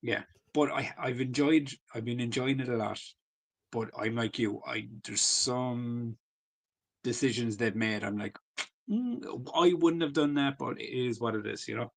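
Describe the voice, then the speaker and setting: A man's voice: mid-range voice, steady tone, moderate pace, gravelly. A man, co-hosting a podcast in loose, sweary casual chat full of fillers. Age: 40s. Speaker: podcast co-host.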